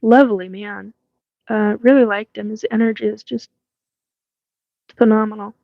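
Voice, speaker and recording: A woman's voice: medium pitch, fairly even intonation, normal speed, gravelly, no echo, phone-quality sound. A woman in her fifties from Washington State with a West Coast accent, hosting a casual live chat, rambling with many fillers and frequent laughs. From Washington State, USA. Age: 50s. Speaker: livestream host.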